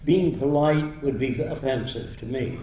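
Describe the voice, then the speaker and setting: A man's voice: mid-range voice, animated, unhurried, slight background noise. An older man giving a university lecture in a blunt, emphatic, lecturing manner. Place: lecture hall. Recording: roomy, dull lo-fi hall recording.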